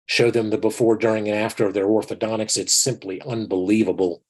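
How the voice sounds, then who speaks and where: A man's voice: fairly low pitch, little pitch movement, brisk, a little mellow, breathy edge, poor audio. A man in his sixties, a dentist giving an online lecture in a folksy, earnest manner, often calling his listeners his friends. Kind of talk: online lecture with personal stories.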